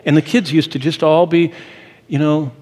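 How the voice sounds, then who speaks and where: A man's voice: fairly high pitch, fairly even intonation, normal speed, darkish tone. A middle-aged man teaching a sermon in an earnest, emphatic, explanatory way. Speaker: Bible teacher. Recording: long hall reverb.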